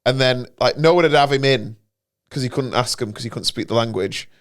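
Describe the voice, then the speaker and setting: A man's voice: mid-range voice, brisk. A man who is a comedian co-hosting a podcast, chatting playfully and laughing between loose, rambling stories. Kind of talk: casual banter.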